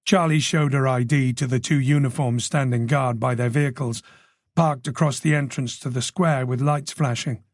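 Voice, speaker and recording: A man reading a thriller audiobook in measured, scripted narration. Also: mid-range voice, dry recording, studio quality. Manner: measured, even storytelling.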